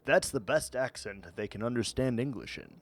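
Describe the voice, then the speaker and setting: A man's voice: medium pitch, normal speed. A man streaming a game, chatting casually with viewers in a joking, rambling way and laughing often. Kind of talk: casual gaming stream chat.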